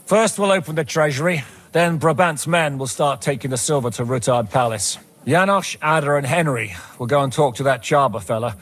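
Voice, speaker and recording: A man's voice: medium pitch, fairly bright tone, natural voice. A man playing a commanding mercenary captain. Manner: brisk, giving orders.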